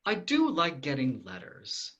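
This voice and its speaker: A man's voice: fairly high pitch, wildly swooping pitch, a little slow, a bit bright, dull audio. A man in a casual interview, rambling through his answers with many fillers and restarts. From Ireland. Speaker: guest.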